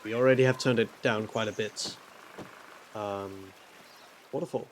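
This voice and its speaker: A man's voice: fairly low pitch, steady tone, moderate pace, a little hiss or hum. A man streaming a game, chatting casually and offhandedly while he explores. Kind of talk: casual let's-play chat.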